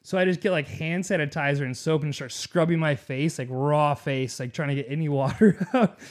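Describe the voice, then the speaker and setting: A young man telling a long story in a casual podcast chat, profane and animated, full of fillers. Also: fairly high pitch, fairly quick. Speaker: podcast co-host.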